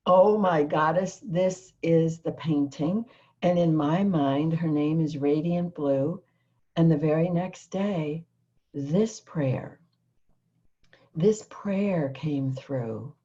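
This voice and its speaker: A woman hosting a prayer gathering, speaking softly and with emotion as she reads a prayer aloud. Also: deep voice, highs cut off. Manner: slow, soft and emotional, drawn-out words. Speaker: host. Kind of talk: reflective talk and prayer reading.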